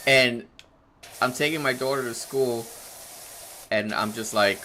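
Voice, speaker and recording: A man's voice: a little slow, slight background noise. A man in his thirties chatting casually on a live game stream, rambling, laughing often, answering chat. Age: 30s. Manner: animated, jumps in pitch when excited. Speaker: livestreamer playing a game.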